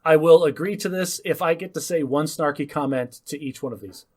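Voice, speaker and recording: A man's voice: on the high side, brisk. A man co-hosting a podcast in casual chat, trading snarky jokes. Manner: snarky, joking. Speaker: podcast co-host.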